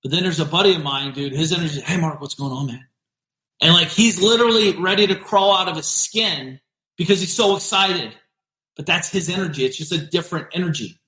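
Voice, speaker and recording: A male podcast host giving an energetic, emphatic motivational business talk, repeating punchy phrases. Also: high voice, brisk, echoey room.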